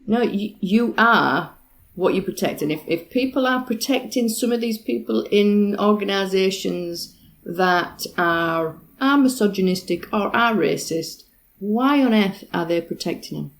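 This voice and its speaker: Mid-pitched English woman, podcast guest, frank and emphatic delivery. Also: measured pace. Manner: candid, emphatic, frequent fillers. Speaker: interview guest, retired firefighter. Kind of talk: conversational interview.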